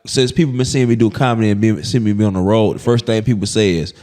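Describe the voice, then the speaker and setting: A man's voice: fairly low pitch, fast talker. A man from Alabama with an Alabama accent, a comedian guest chatting casually in an interview and acting out other people's voices as he tells stories. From Birmingham, Alabama. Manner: animated storyteller who acts out other people's voices.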